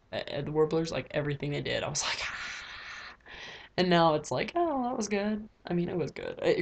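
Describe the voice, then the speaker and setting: A teenage girl talks to her camera in a rambling video diary, filling her sentences with "like" and "um." Her voice sits a little low and carries a husky, fry-edged texture. She's recording close up in her own bedroom. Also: a little mellow. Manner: rambling, lots of "like" fillers. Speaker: vlogger.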